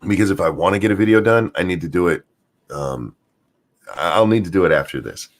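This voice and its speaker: Still sounding like he just woke up, this streamer host rambles through a casual rant full of fillers, crude and sarcastic. He talks briskly in a low voice.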